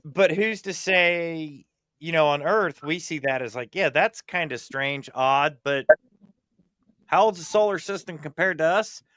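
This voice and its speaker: A man's voice: on the high side, a little slow, a bit bright, no echo. A man chatting casually as a stream host, rambling and swearing freely. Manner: rambling, profane, puts on goofy alien voices mid-story. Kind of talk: casual chat.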